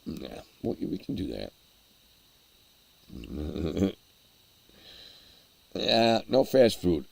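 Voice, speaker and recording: A man's voice: low voice, sing-song, extremely slow, vocal fry, darkish tone. A man hosting a casual livestream, rambling and chuckling as he answers his chat while eating. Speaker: livestream host.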